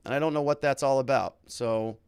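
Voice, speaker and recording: A man's voice: medium pitch, steady tone, fairly quick, creaky, clean tone, no room sound, clean studio sound. A man hosting a casual livestream, reading viewer comments aloud and answering them in a blunt, opinionated way with irritated asides. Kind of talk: casual live-stream commentary.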